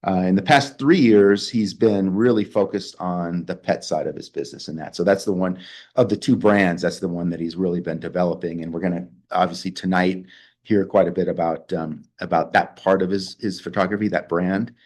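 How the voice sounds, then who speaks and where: A man hosting a photography club meeting, introducing the evening's speaker in a halting way as he reads from his handwritten notes. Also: low voice, fairly even intonation, darkish tone.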